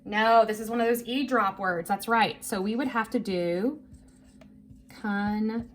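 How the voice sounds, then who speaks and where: Her voice on the high side and her pace moderate, a woman gives young children a phonics lesson. She stays patient and encouraging, elongating every word for them to echo, with faint background noise in the recording.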